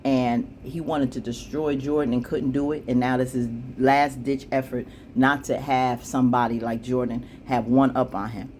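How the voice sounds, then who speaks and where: A woman casually recapping a TV episode, chatty, with plenty of asides, acting out the characters' lines with jumps in pitch. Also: little pitch movement, moderate pace, few pauses, a little mellow, slight background noise. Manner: chatty, frequent fillers and asides. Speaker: TV show recap vlogger.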